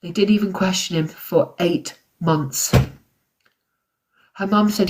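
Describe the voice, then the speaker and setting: A woman's voice: lowish voice, slow pace, background noise. Angry woman ranting on a livestream. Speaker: true crime host. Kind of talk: live-stream commentary.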